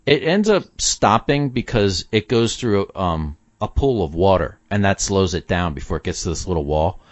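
A man co-hosting a casual podcast chat about a film, opinionated and animated, laughing often. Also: deep voice, moderate pace, no room sound. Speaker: podcast co-host. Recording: dull dry lo-fi sound.

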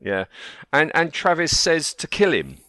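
A man's voice: a little high, wildly swooping pitch, unhurried, sharp tone, dry recording, clean studio sound. A man hosting a podcast, eagerly recapping an episode with lots of ums and restarts. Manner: enthusiastic, recaps the plot, hesitant fillers. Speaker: podcast host. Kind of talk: casual fan discussion.

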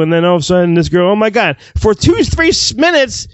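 A man co-hosting a casual movie review podcast, excitable and gushing, swearing freely. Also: high-pitched, a little fast, smooth, no room sound, dull audio. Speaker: podcast co-host.

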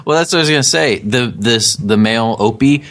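A man's voice: mid-range voice, brisk. A man co-hosting a podcast, casually explaining creature lore with jokey asides. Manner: animated storytelling, jokey asides. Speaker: podcast co-host.

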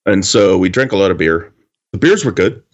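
Male co-host, very deep voice, relaxed and halting, a bit lo-fi. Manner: laid-back, hesitant with many fillers. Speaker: podcast co-host. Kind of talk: casual chat.

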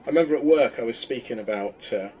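A man's voice: mid-range voice, fast, dark tone, slight background noise. Rambling, laughing podcast man. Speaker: podcast co-host. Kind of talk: casual chat.

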